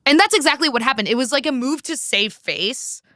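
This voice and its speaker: A woman's voice: sits high, expressive, a little fast, bright, forceful tone, no echo, studio quality. A young American woman co-hosting a podcast, chatting candidly about politics and swearing freely. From United States. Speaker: podcast co-host. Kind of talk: casual political chat.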